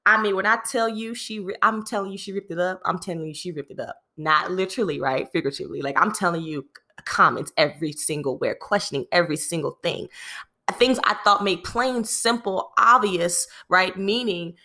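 A woman telling a work story in casual vlog fashion, animated, speaking to her listeners as "y'all" with lots of "you know" and repeated phrases. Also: fairly low pitch, brisk. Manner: frequent fillers and repeated phrases.

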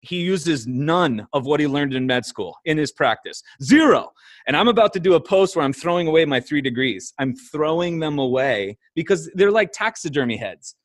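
Middle-aged guy on a podcast, bit high voice, super animated, laughs a lot. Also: normal speed, no room sound, studio quality. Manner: animated storytelling, laughs often. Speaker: podcast guest. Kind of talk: casual conversation.

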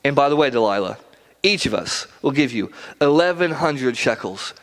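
A man's voice: medium pitch, animated, moderate pace, fairly bright tone. A male preacher giving a casual sermon, conversational, with rhetorical questions and slangy asides.

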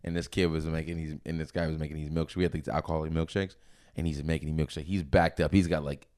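A man's voice: very deep voice, quick pace, clean tone. A man, a guest on a casual podcast, telling stories and acting out what people said, laughing often. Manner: lively storyteller who acts out people's voices and laughs a lot. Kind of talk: casual storytelling chat.

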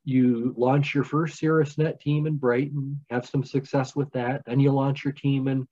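Hosting a casual podcast interview, this man poses long, wandering questions with frequent restarts. His mid-range voice is warm and husky, delivered flatly at a moderate pace, through a dull lo-fi recording.

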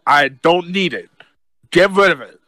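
A man chatting as a podcast co-host, rambling and self-mocking in a casual, animated way. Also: fairly high pitch, unhurried, no echo. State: deaf in left ear. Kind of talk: casual chat.

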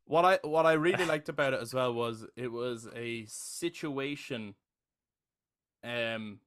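A man's voice: medium pitch, measured pace, a bit bright, clean tone. A young adult man co-hosting a podcast in casual chat, enthusiastic and casually swearing, often checking in with "right?". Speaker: podcast co-host.

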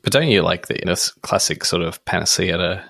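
Rambling podcast co-host, deep voice with a gravelly edge. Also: male voice, expressive, fast, a bit bright, no echo, clean studio sound. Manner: rambling storyteller, many fillers. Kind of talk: casual chat.

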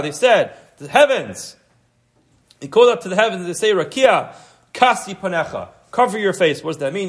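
A man with a slightly raised pitch leads a Talmud class. He reads each phrase of the text aloud, then explains it in English, often restarting mid-sentence as he works through the passage. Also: a bit bright. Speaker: Talmud teacher.

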